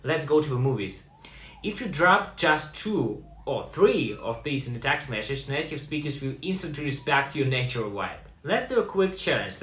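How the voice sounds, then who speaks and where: Man teaching slang, bright voice. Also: mid-range voice, reverberant. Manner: slows down to pronounce example words, lively delivery. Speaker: Russian language teacher. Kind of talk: online language lesson.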